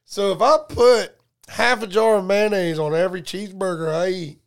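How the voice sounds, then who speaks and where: A man's voice: high voice, steady tone, moderate pace, clean tone. A middle-aged man, casually telling profane, joking stories on a podcast and acting out both sides of conversations. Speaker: podcast co-host. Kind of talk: casual storytelling chat.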